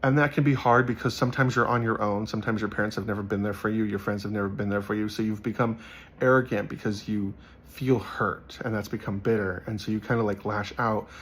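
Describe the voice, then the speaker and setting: A man's voice: lowish voice, steady tone, fast, a bit bright, a little hiss or hum. A young man giving casual, earnest commentary on Bible verses, rambling with many fillers. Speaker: Bible study vlogger.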